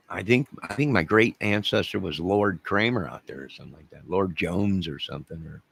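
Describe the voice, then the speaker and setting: Older male streamer, deep gravelly voice with a husky edge, rambling and jokey, chatting with viewers. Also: a bit bright, dry recording. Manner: rambling, joking, talks to chat viewers by name. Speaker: livestream host reading chat. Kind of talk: casual livestream chat.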